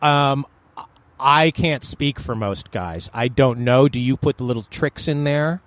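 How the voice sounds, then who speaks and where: A man hosting a podcast, chatting in a joking, animated way. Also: medium pitch, a little slow. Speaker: podcast host. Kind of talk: casual chat.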